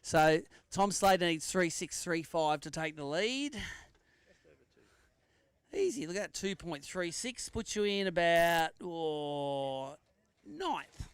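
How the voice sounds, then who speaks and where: An Australian man emcees a live fishing weigh-in, teasing each angler and announcing weights and placings. His voice sits a little high and is smooth and clear. The sound is close and dry. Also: expressive, slow, no echo. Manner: jokey banter with anglers, announcing weights and standings.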